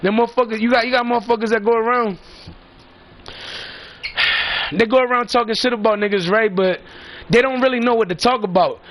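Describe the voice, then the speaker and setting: Man, high-pitched, rambling and profane, emphatic casual storytelling. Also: fairly even intonation, a little fast, pauses often, a bit bright, slight background noise.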